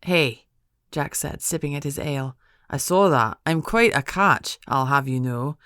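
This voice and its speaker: A woman's voice: low-pitched, measured pace, fairly bright tone, dry recording. A woman voicing a good-humored young Scottish man with a dry, bantering manner and a Scottish accent. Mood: teasing.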